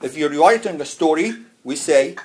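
A man's voice: a little high, expressive, normal speed. Patient man teaching Arabic phrases. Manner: patient, explains step by step and repeats phrases. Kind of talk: informal language lesson.

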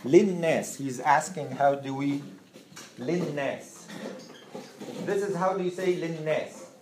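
A man's voice: a little high, slow pace, darkish tone. A man teaching an Arabic class to students, patiently repeating words and phrases for them to drill. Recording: roomy classroom with faint noise.

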